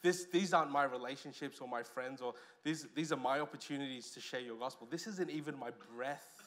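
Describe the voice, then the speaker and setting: A man with an Australian accent preaching a sermon as pastor, lively, with loud stresses and quiet asides. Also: medium pitch, a little fast.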